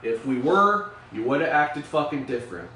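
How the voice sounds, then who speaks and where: A man's voice: fairly high pitch, big pitch swings, normal speed, bright, forceful tone, a little hiss or hum. A young man hosting a podcast, delivering an angry political rant full of profanity and bitter sarcasm. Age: young adult. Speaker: podcast host.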